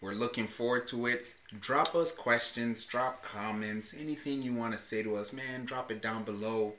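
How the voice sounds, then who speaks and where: Laid-back bright-voiced male podcast host. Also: mid-range voice, moderate pace. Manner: laid-back, says "man" often. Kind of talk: casual chat. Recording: roomy echo.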